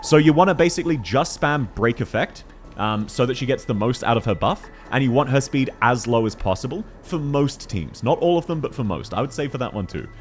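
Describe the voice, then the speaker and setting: A man streaming a game live, chatting excitedly with viewers and giggling often. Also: medium pitch, fairly quick, soft background music. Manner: excitable, giggly, reacts to chat messages.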